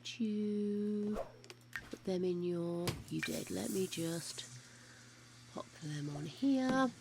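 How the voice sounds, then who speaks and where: A woman's voice: medium pitch, slow, vocal fry, noisy background. An older woman streaming a life-simulation game, chatting casually to her characters and her viewers, with the odd bit of mild swearing. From United Kingdom.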